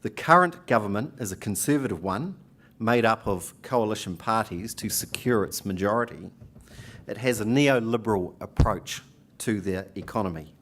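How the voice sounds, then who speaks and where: A man's voice: on the low side, lively intonation, normal speed, fairly bright tone, a little hiss or hum. A man from New Zealand with a New Zealand accent, giving a conference speech as a union speaker and leading the audience in repeating phrases back to him. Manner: jokey, leads the audience in call-and-response. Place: conference hall.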